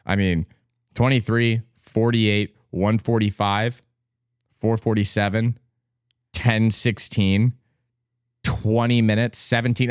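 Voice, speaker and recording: A man's voice: lowish voice, little pitch movement, takes it slowly, long pauses, smooth, no room sound, clean studio sound. A young man from Texas, an ex-swimmer, casually reacting and teasing as he reads out numbers, with frequent exclamations and laughter. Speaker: vlogger and former competitive swimmer. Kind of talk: casual commentary, reacting on screen.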